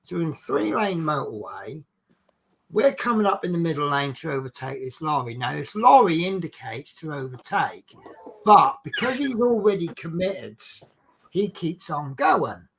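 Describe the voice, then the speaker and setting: A British man, a coach driver, casually telling funny anecdotes on a stream in a chatty, animated way, laughing along at his own stories. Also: fairly high pitch, unhurried, gravelly, slight background noise, poor audio. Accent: British English.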